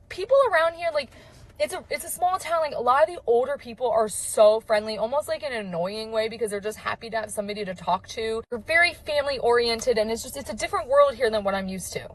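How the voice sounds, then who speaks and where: A woman's voice: fairly high pitch, low-quality recording. A young woman, a mother of four, telling a story in a chatty, filler-heavy way and acting out the people in it. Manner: chatty, lots of fillers, quotes people in voices. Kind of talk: casual storytelling video.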